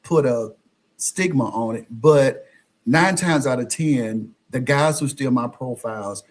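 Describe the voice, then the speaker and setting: A man who is a guest on a podcast, telling his own experiences with lively storytelling and often acting out what others said. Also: mid-range voice, unhurried. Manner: animated, acts out quoted exchanges. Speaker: podcast guest, social media influencer. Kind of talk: conversational storytelling.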